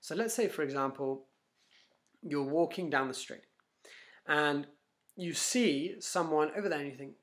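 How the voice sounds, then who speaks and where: A man's voice: fairly high pitch, unhurried, pauses often. A man giving a casual motivational talk to camera, telling stories with lots of restarts and acting out inner voices. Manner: animated storyteller, frequent restarts, acts out inner voices. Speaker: self-help vlogger.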